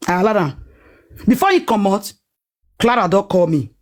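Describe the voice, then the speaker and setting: A woman with a Nigerian Pidgin accent telling a personal story in a lively, dramatic way, acting out what people said. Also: mid-range voice, moderate pace. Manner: animated, dramatic retelling with acted-out quotes.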